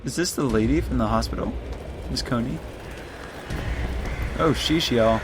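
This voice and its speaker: A man's voice: mid-range voice, unhurried, noisy background. A man casually commenting while playing a story game and chatting to his viewers. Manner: chatty, reads game text aloud, talks to viewers. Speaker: let's play gamer.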